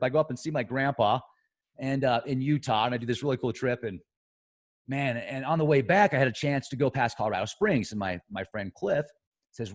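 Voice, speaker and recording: A man hosting a conspiracy talk show, rambling in a casual monologue that jumps between loud excitement and soft trailing asides. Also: mid-range voice. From United States.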